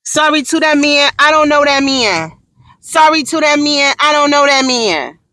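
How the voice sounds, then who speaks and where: A woman's voice: sits high, expressive, a little slow, bright, forceful tone, no echo, full character voice. A woman doing an impression of a haughty female diva who airily claims not to know someone. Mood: dismissive. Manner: dismissive, airy, repetitive.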